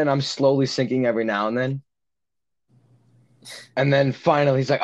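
A man's voice: mid-range voice, fairly quick, long pauses, highs cut off. Rambling young man telling a story. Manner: rambling, with many fillers and restarts. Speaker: podcast co-host. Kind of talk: casual storytelling chat.

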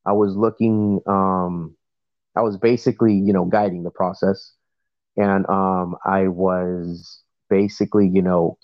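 A man's voice: low-pitched, no echo, highs cut off. A man calling in to tell a workplace story in a casual, rambling way, full of fillers and restarts. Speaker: voice message caller.

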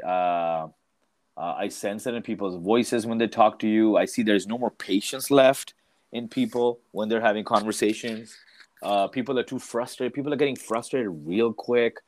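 A man's voice: lowish voice, moderate pace. A man in casual chat, ranting heatedly and swearing freely. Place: Ontario, Canada.

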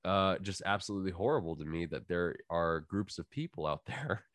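A man's voice: deep voice, animated, brisk, fairly bright tone, no room sound, clean studio sound. A man hosting a casual podcast, rambling with lots of fillers and restarts and laughing easily. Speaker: podcast host.

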